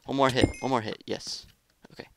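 A man giving live gameplay commentary as a gaming YouTuber, excitable, trash-talking opponents and grumbling about lag. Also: medium pitch, fairly quick, gravelly, background noise.

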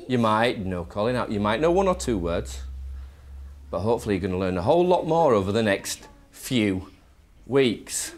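Talking at normal speed in a fairly low, sing-song voice, a male primary school teacher jokes at his own expense. He chats casually with his pupils and with a fellow staff member.

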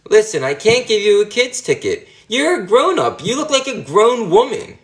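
A man voicing a blunt, deadpan counter worker in a lower, flat voice in a comedy sketch. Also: moderate pace.

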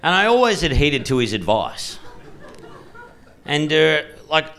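A male stand-up comedian from rural New South Wales, Australia, performs a set at a comedy club, spinning absurd stories deadpan with halting fillers. His voice is a bit high and his pace a touch slow. The live recording is noisy, with audience laughter behind him.

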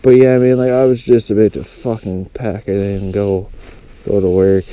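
A young man excitedly narrating his fly fishing outdoors by a lake, swearing often and exclaiming over his catch. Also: lowish voice, moderate pace, clean tone, dull audio. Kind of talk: excited outdoor vlog commentary.

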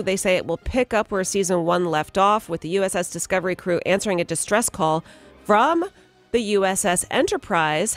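A woman co-hosting morning radio, reading entertainment stories and laughing along with banter. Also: medium pitch. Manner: bright, laughs often while reading stories. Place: radio studio. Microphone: studio mic.

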